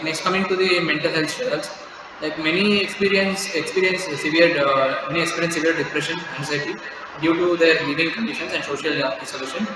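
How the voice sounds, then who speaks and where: A young man presents to a class in a slightly high voice, halting often with fillers and restarts. The room is very echoey, with a long tail of reverb. Loud noise sits under the whole recording. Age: young adult. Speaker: student presenter.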